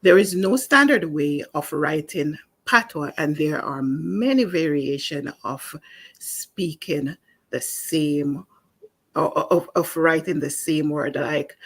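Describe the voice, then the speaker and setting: A woman from Jamaica teaching a spoken language lesson in a calm, explanatory way, with small restarts. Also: low voice, takes it slowly.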